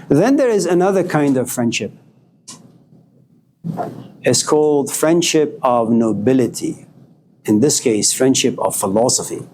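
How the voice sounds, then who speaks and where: Male philosophy professor, animated storyteller in class, voice a bit high, light background noise. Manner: animated storytelling, acting out dialogues with students. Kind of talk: classroom lecture.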